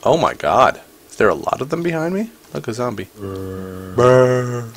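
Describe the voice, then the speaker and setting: Man, gaming host, casual let's-play commentary, playful, lively pitch, faint background noise. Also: fairly quick, creaky. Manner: chatty, playful, talks to the game mobs.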